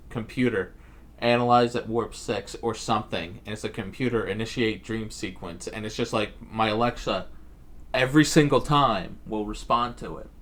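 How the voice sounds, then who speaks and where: A man's voice: on the low side, fairly bright tone. A man co-hosting a comedy podcast in casual chat, joking and laughing as he tells stories. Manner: laughing, joking, mimics voices. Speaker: podcast co-host.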